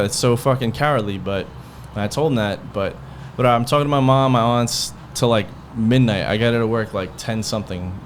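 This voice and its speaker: A podcast host with a medium-pitched voice tells a heated personal story, rambling and swearing and packing it with quoted back-and-forth. There's slight background noise in this casual storytelling.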